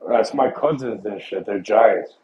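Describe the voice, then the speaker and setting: A man's voice: fairly low pitch, unhurried, a little mellow, slight background noise. A man chatting casually, joking and swearing in loose banter. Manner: swearing, joking, laid-back. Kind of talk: casual chat. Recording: dull lo-fi mic.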